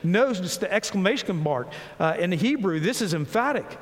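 A man preaching a sermon, reading scripture slowly and earnestly, dropping low and soft between rising pleas. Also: expressive, big-room sound. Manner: earnest, slows and rises on scripture, drops low and soft on pauses.

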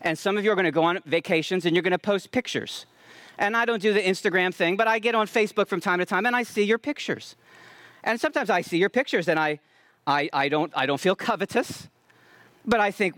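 A man with a high, light voice preaches a sermon, earnest and emphatic, leaning into key lines and drawing them out slowly. The sound is dry and close, with no room echo. He addresses the congregation directly. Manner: self-aware about preaching loudly. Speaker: pastor.

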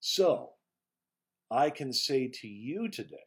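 A man pastor giving a slow, emphatic devotional sermon, rising to stress key words and dropping softly at phrase ends. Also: mid-range voice, lively intonation.

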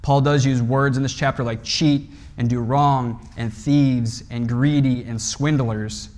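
A man's voice: medium pitch, steady tone, unhurried, a little mellow. A man preaching a sermon in a conversational way, often checking in with "right?" and restarting phrases as he explains a passage. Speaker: pastor.

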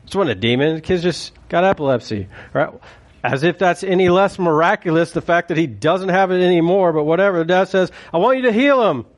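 A man's voice: on the high side, fairly quick. A man preaching a sermon in a conversational, joking way, acting out quotes as he goes. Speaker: pastor.

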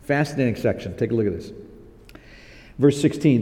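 A male pastor preaching a sermon in a lively, conversational way, acting out scripture with quick changes of voice. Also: mid-range voice, long reverb tail.

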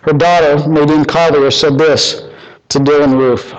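A man's voice: on the high side, fairly even intonation, a little slow, dull audio. A man preaching a sermon earnestly, repeating lines and asking the congregation rhetorical questions. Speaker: pastor.

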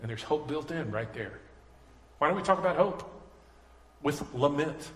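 A man's voice: fairly high pitch, lively intonation, normal speed. A man preaching a sermon as pastor, conversational and earnest, building to emphatic passion. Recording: echoey hall reverb.

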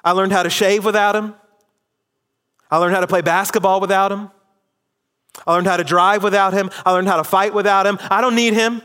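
A man voicing a hurt, defiant teenage boy who was abandoned by his father, repeating himself loudly and insistently. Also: medium pitch, animated, slow pace, pauses often, husky, heavily acted. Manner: loud, insistent repetition.

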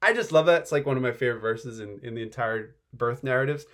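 A man preaching a sermon in a chatty, animated way, often saying "like" and building up excitement. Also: medium pitch, fast. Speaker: pastor. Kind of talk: conversational sermon.

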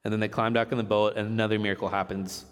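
A low-voiced man races through a relaxed, chatty sermon, reading scripture aloud and laughing at his own jokes as he teaches. Long reverb from the hall fills the recording.

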